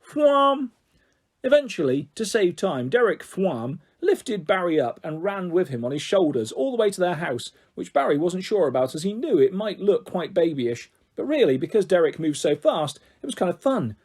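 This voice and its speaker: A man reading a children's book aloud, expressive and animated. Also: high voice, normal speed, hardly any pauses, breathy edge. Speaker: narrator. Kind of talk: audiobook reading.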